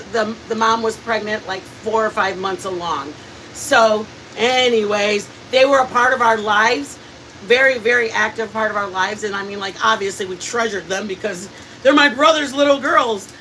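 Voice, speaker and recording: With a fairly high voice, a woman hosting a cooking stream chats, laughs and animatedly tells family stories as she cooks live. The audio is poor, recorded from a distance with a little hiss or hum.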